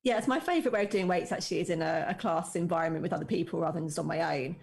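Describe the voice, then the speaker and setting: Enthusiastic woman, lowish voice. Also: racing, gravelly, a little mellow. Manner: enthusiastic, explanatory. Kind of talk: casual chat. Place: home, remote call.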